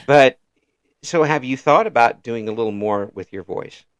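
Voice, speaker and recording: A man with a Midwestern American accent, hosting a relaxed interview at a middle pitch. He talks in halting bursts, restarting his phrases and chuckling often. The sound is dry and close, with no room echo. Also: clear, resonant tone. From Illinois. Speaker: interview host. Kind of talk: casual interview chat.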